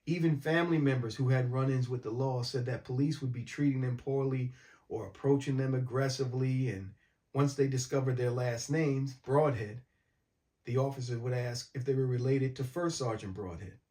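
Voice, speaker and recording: A man from mid-state New York, calmly recounting a personal story in a documentary interview. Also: medium pitch, normal speed.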